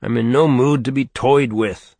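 A man's voice: medium pitch, fairly even intonation, a little slow, a little mellow, no echo, voice pushed up. A man voicing a sardonic young male economics graduate student, wry and exasperated, in an audiobook reading. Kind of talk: audiobook character voice.

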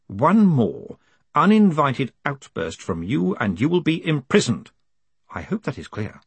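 A man doing a slow, coldly calm tyrant. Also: a little high, slightly rough, dry recording, pitched above the performer's own voice, heavily acted. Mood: cold menace. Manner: slow, measured, quietly menacing. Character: cold, calm male tyrant ruler.

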